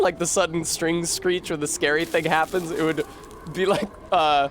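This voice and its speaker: A man's voice: fairly high pitch, steady tone, normal speed, background noise. Sarcastic rambling gameplay streamer man. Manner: sarcastic, rambling, swears freely. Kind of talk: casual gameplay commentary.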